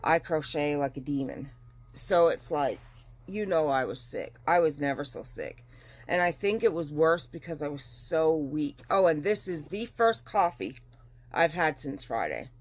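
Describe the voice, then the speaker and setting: A middle-aged woman vlogging at home in a casual chat, chatty and animated, getting over the flu. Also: sits low, a little slow. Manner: chatty and animated, dramatic retelling. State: recovering from flu. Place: at home, windows open.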